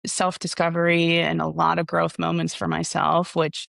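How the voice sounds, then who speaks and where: A woman's voice: fairly low pitch, completely flat delivery, normal speed, gravelly, a bit bright, no echo, studio quality. A young woman, a golf coach, answering interview questions in an earnest, thoughtful way.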